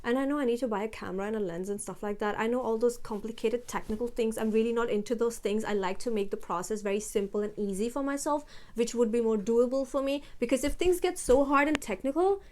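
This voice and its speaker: Filming a vlog on her phone, a young woman YouTuber chats at a slow, steady, deliberate pace with a heavy, low voice. She leans on plenty of fillers such as "like" and "you know".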